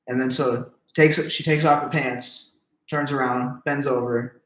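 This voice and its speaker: A man's voice: mid-range voice, measured pace, fairly bright tone. A young man telling jokes in a casual chat, laughing along and swearing freely. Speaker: interviewer. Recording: echoey room.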